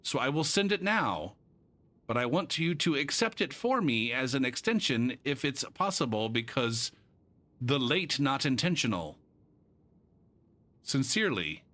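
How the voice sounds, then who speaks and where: A man's voice: medium pitch, very animated, pushed and bright. A man voicing an earnest young male student who reads out a stiff, overly polite email. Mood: earnest pleading. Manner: stiff, overly polite phrasing read slowly.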